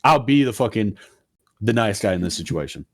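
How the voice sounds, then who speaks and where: A man in his twenties on a podcast, telling a story in an animated, profane rant and acting out what people said. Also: lowish voice, a little fast, noisy background. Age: 20s. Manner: animated, profane ranting with acted-out quotes. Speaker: podcast co-host. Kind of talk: casual storytelling chat.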